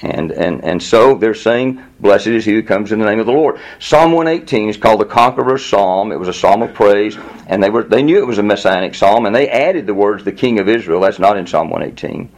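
A man preaching a Bible teaching in a conversational, animated way, often chuckling and repeating words as he goes. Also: on the low side, a little fast, hardly any pauses. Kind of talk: sermon teaching.

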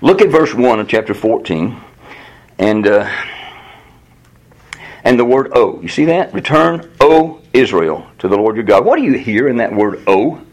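A man leads a Bible study in a casual, talkative way. His voice is gravelly and a bit husky. He swings widely in pitch and often leaps up high to act out God's answers. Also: measured pace. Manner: animated, jumps to a high voice when quoting God. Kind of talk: Bible teaching with class discussion.

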